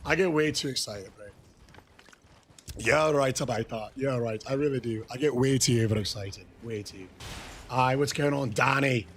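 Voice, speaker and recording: A man livestreaming a game, reading chat and bursting into shouted greetings between casual muttering. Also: medium pitch, slight background noise. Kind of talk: excited live-stream chat.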